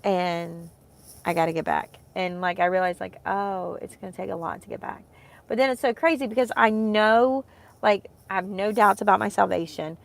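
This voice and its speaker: A woman's voice: medium pitch, moderate pace, creaky. A woman in her thirties, a homeschooling mom vlogging, talking in a rambling, heartfelt way with many fillers. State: emotional, close to tears. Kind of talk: casual chat to camera.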